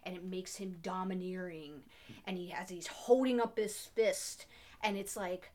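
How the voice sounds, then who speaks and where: A woman's voice: lowish voice, steady tone, measured pace, darkish tone. Enthusiastic woman chatting about films. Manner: enthusiastic, filler-heavy with many restarts. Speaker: podcast co-host. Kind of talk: casual film discussion.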